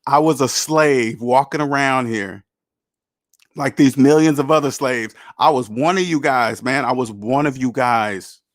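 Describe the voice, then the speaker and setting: The host of this personal finance livestream is a man with a medium-pitched voice who speaks a little slowly. He makes his points emphatically through rhetorical questions and takes questions from chat. The studio recording is clean, with no room sound.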